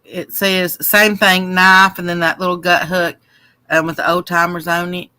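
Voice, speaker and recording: Woman co-host, bright and sharp tone, teasing and easygoing. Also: on the low side, little pitch movement, normal speed, clean tone. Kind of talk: casual chat.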